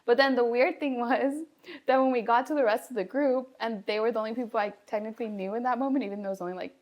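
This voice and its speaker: Animated high-voiced young woman chatting. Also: fast. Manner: animated storytelling with lots of fillers. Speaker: podcast co-host. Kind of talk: casual chat.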